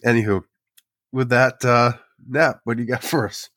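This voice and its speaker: A man's voice: mid-range voice, fairly even intonation, normal speed, a bit bright, no echo. A man co-hosting a casual woodworking podcast, running through contact details in a playful, wry way. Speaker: podcast co-host. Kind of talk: casual podcast outro chat.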